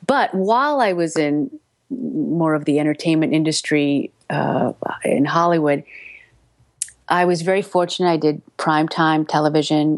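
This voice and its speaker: A middle-aged voice actress tells animated career anecdotes in a relaxed interview. Her voice sits fairly low, and she leaps into much higher pitches whenever she acts out what someone said. The sound is dry and close, with no room echo. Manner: animated anecdote-telling, acting out quoted voices with big pitch jumps. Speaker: voice actress and audiobook narrator guest. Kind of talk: casual storytelling interview.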